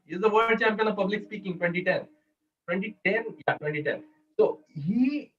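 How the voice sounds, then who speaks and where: Over a video call, a male workshop presenter coaches people in public speaking and fires questions at them. His voice is high-pitched and a bit bright, and the call audio comes through distant and dull.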